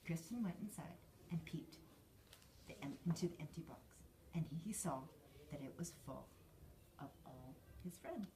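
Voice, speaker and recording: A woman whose voice sits low reads a children's story at normal speed, bringing each character to life with animated performance. The clip, shot with a handheld camera, carries a faint hiss or hum.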